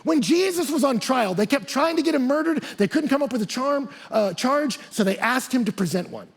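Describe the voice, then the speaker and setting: A man's voice: extremely high pitch, expressive, fairly quick, vocal fry, slightly rough. A man pastor preaching a sermon, telling stories animatedly and acting out the quotes.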